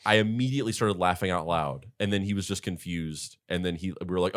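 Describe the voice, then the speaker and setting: A young man with a deep, low voice tells long, meandering stories from work. He is hosting a casual chat show and leans heavily on fillers and restarts. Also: brisk. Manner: rambling, animated retelling with many fillers. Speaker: podcast host.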